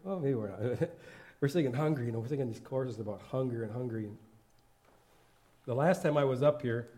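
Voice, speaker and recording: Chatty, mellow-voiced church speaker. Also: male voice, medium pitch. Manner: rambling, laughs often, self-correcting. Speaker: worship leader and lay preacher. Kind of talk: informal sermon.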